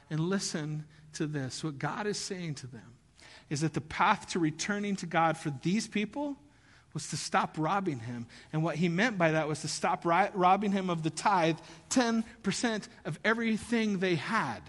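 Animated, bright-voiced male preacher. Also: high-pitched, normal speed, big-room sound. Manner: animated, conversational preaching with rising emphasis. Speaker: pastor. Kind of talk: sermon.

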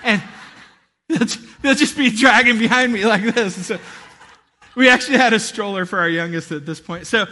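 A man in his thirties preaching a sermon, telling a lively story with acted-out shouts and laughter. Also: high voice, normal speed. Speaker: pastor.

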